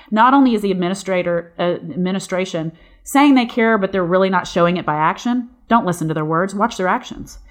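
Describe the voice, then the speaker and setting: A middle-aged woman, a nurse, talking passionately and with some frustration in a casual chat, often restarting her sentences. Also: mid-range voice.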